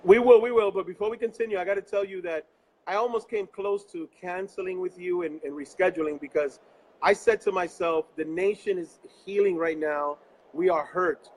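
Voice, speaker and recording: A man from New York hosts a live interview show. His voice sits high for a man. He speaks earnestly, with a preacher's conviction, from a location away from his office. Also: moderate pace, poor audio. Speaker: host.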